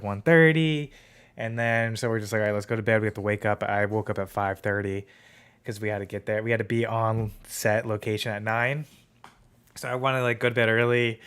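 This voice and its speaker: A man's voice: mid-range voice, fairly bright tone, clean tone. A young man hosting a podcast, telling a rambling story in casual chat with lots of fillers. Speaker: podcast host.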